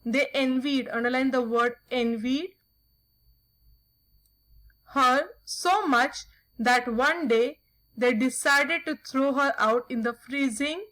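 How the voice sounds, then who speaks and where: Slow-reading woman teacher. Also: high-pitched, fairly bright tone, poor audio. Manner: slow, careful reading with instructions. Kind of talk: reading a story aloud with vocabulary instructions.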